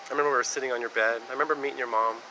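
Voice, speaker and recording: A man's voice: medium pitch, fairly even intonation, racing, sharp tone, a little hiss or hum, rough recording. A man from the United States talking on a live stream in a rambling, casual monologue that jumps between topics and swears freely.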